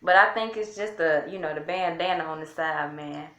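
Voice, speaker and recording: A woman's voice: sits low, normal speed, fairly bright tone. A woman hosting a reaction video, chatting to her viewers in a hyped, casual way. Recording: roomy echo.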